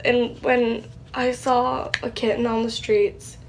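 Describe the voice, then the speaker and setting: A young woman, likely a teen, talking in a casual vlog, rambling and halting with many fillers, tearful with a stuffy nose. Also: a little high, flat delivery, slight background noise. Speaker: channel host.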